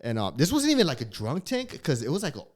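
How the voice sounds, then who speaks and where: A man's voice: fairly high pitch, wildly swooping pitch, quick pace. A man chatting as a comedian guest on a podcast, telling stories in a profane, slangy way with frequent laughter. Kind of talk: casual storytelling chat.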